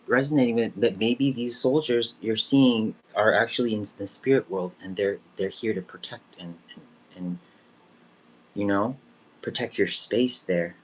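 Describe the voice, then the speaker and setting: A man's voice: fairly low pitch, normal speed. A young man hosting a live-streamed psychic development circle, effusive and emotional, giggling as he thanks everyone. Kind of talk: live-stream group session.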